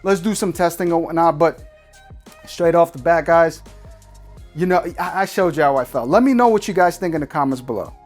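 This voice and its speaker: A man's voice: on the high side, fairly quick, soft background music. A man giving a casual, hands-on tech review, slangy and emphatic, often ranting.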